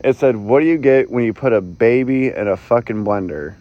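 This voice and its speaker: A man's voice: medium pitch, fairly quick, dull audio. A man co-hosting a podcast outdoors, swearing a lot and getting exasperated with his friends. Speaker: podcast co-host. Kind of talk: crude banter. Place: outdoors near a street.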